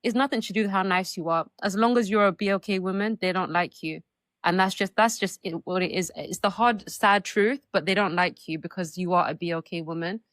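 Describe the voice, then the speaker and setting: Brief: woman from the UK, blunt and measured, steady mid pitch, dry close mic. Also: no room sound. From United Kingdom. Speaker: panel guest. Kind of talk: live online panel discussion.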